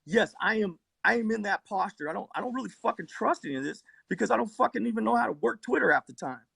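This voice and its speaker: Gravelly, husky-voiced man ranting on a phone stream. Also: sits high, expressive, fast, pushed and bright, dry recording. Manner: profane, rambling, worked-up storytelling. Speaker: livestream debate participant. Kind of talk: heated live-stream argument.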